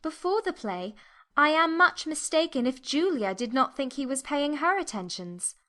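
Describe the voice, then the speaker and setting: A woman's voice: high voice, expressive, moderate pace, pushed and bright. A woman reading an audiobook, giving the lines of a shy, timid young woman in a hesitant, self-doubting way. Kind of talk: audiobook reading of a classic novel.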